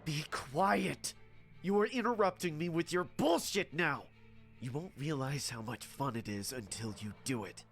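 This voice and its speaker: A man voicing a calm, psychotic male serial killer who speaks coldly and mockingly. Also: medium pitch, moderate pace, few pauses, soft background music, lightly acted. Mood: raging.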